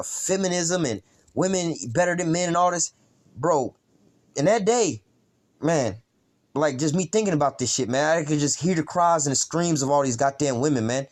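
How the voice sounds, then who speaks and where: A street preacher with a higher-pitched voice gives an informal Bible lesson, rambling in slang and peppering it with fillers and frequent profanity.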